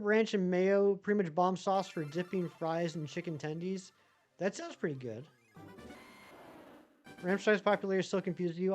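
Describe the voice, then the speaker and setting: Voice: medium pitch, a little mellow. A live streamer with a general American accent, casually reading chat messages aloud and answering them at length.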